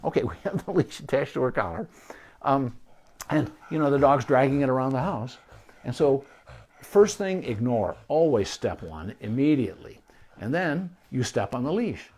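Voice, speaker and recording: A man's voice: mid-range voice, expressive, normal speed, darkish tone, slightly rough. A middle-aged man, a veterinarian, giving an informal talk on training puppies, speaking conversationally with asides and restarts. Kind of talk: informal teaching on puppy training.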